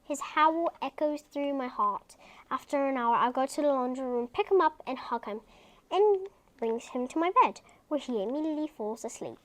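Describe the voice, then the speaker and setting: High-voiced woman reading a storybook aloud. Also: animated, moderate pace, fairly bright tone. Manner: chatty, breaks off into casual asides. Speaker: reader of a children's book. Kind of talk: reading a children's book aloud.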